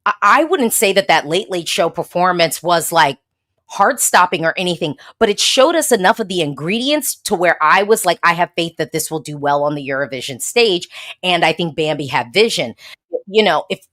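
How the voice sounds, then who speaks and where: A woman's voice: on the low side, lively intonation, moderate pace, fairly bright tone. A woman from the United States hosting a casual livestream, chatting sassily and answering viewer comments. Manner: chatty, sassy, frequent laughs and emphatic repeats. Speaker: Eurovision blogger, host.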